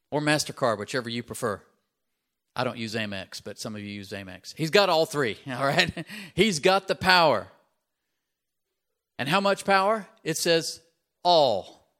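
A middle-aged male pastor preaching a sermon, conversational with asides of "right?" and rising loud and emphatic on his key points. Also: on the high side.

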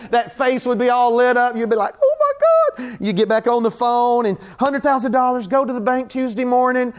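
High-voiced pastor guy preaching in church, chatty then all fired up. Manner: conversational preaching with acted-out scenes, rising to fervent repetition. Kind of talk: sermon.

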